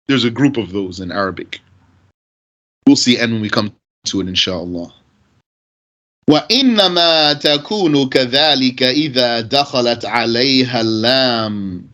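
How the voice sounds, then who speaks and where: A man teaching Arabic grammar, reading passages quickly and then explaining them slowly with repeated examples. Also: bright, forceful tone, lo-fi sound. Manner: reads Arabic text fast, then explains slowly with repetition; pitch jumps up when giving examples.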